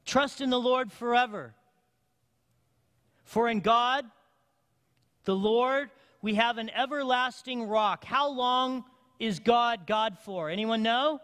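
A male pastor preaching a sermon in a church, with emphatic call-and-response and slow, deliberate phrasing. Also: very high voice, a bit bright, clean tone. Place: church sanctuary. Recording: long hall reverb.

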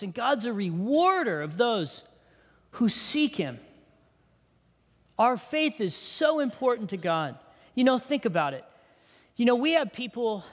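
A middle-aged male pastor preaching a sermon in a conversational way, often putting questions to the congregation. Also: very high-pitched. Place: church sanctuary. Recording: long hall reverb.

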